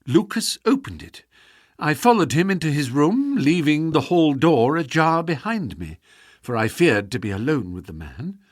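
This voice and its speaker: A man puts on a frightened young noblewoman pouring out a confession in a storybook reading. Her voice is hushed and urgent, rising and falling a great deal. The sound is close and dry. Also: a little high, big pitch swings, normal speed, husky, no echo. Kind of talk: audiobook character voice.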